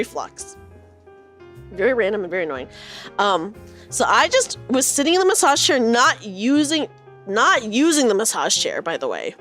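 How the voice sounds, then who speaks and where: A woman's voice: high-pitched, fairly bright tone. A woman in her thirties chatting with her stream viewers from her room, telling a rambling story full of fillers and swearing now and then. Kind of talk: casual chat with live viewers.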